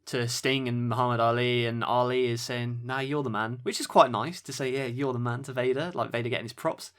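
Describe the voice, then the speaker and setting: A man's voice: medium pitch, fairly even intonation, brisk, fairly bright tone. A man hosting a wrestling podcast, giving dry play-by-play with sarcastic asides. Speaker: podcast host. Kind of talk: wrestling match review commentary.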